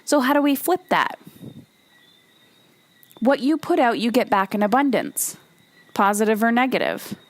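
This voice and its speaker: A woman coach hosts a solo motivational podcast, speaking bluntly and emphatically, swearing at times and repeating phrases to drive points home. Her fairly high voice is a little slow, with frequent pauses.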